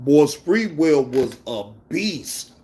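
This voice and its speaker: A man with a fairly high voice hosts a casual livestream and talks straight to his chat. He is animated and loose with slang, calling out viewers by name between stories. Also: extremely slow, slightly rough. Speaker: livestream host.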